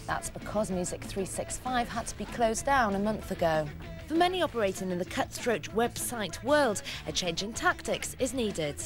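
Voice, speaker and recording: Woman doing a news report voiceover, lively up-and-down voice, music under. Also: medium pitch, moderate pace.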